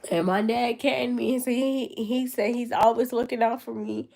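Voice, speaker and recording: Sitting in her grandmother's room at home, a young woman vlogs in a relaxed, thoughtful way, chatting with many fillers. Her voice is slightly high, gravelly and a little mellow, with a flat delivery at a moderate pace.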